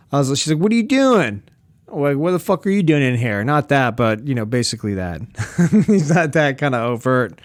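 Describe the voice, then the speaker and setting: A young man with a slightly high voice tells a comedic story on his podcast. He rambles and swears freely, and he drops sarcastic asides as he goes. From Pacific Northwest of the US. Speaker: podcast host. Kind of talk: casual comedic storytelling monologue.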